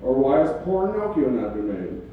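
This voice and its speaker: A man's voice: mid-range voice, very animated, moderate pace, phone-quality sound, slight background noise. A man doing a stand-up comedy set in a club, laid-back and swearing casually, chuckling at his own jokes. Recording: echoey club recorded from far off.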